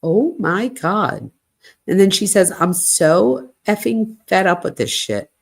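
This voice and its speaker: A woman's voice: medium pitch, very animated, slow pace, creaky, slightly rough. A woman hosting a true crime show, reading text messages aloud and breaking in with stunned asides. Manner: reads both sides of a chat, breaking in with stunned asides. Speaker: true crime commentary host.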